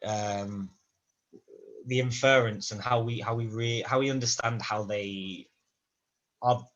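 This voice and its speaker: A man's voice: fairly low pitch, fairly even intonation, slow pace, fairly bright tone, highs cut off. A man in a language-practice conversation, speaking thoughtfully and rambling, often restarting his sentences, over a video call. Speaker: language student in a conversation class. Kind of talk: casual spoken-practice conversation.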